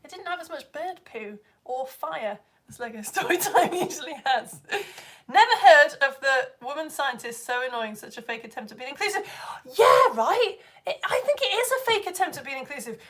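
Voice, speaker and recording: This is a woman, hosting a casual live stream. She chats eagerly and breaks into squeals and laughter. Her voice sits slightly higher than most women's. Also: brisk. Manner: chatty and excitable, bursts into laughter and squeals. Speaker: live show host reading viewer comments.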